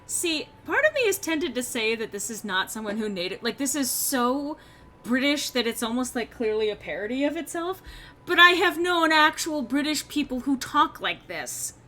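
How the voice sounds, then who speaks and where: A woman's voice: sits high, sing-song, normal speed, bright, forceful tone. A woman streaming a video game, commenting casually with irreverent jokes and casual swearing. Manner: joking, irreverent, swears freely. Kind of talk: casual let's-play commentary.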